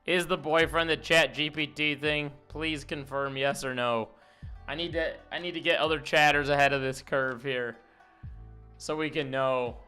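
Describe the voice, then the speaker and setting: Man, casual reaction stream, incredulous, laughing, bright sound, music faintly behind. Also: on the high side, steady tone, normal speed, smooth. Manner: incredulous, laughing, talks back to the clip.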